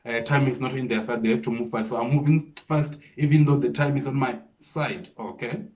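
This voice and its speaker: Excitable South African man breaking down lyrics. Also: medium pitch, brisk, noisy background. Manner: repeats 'come on, man' with disbelief. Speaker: music reaction host. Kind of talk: casual reaction commentary.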